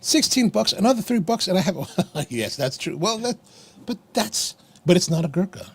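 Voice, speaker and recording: A man with a rough, gravelly voice that sits a bit high for a man. His tone is husky rather than clean. He talks casually and rambles through a story, often restarting his sentences. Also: expressive, normal speed. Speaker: podcast co-host. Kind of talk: casual chat while smoking a cigar.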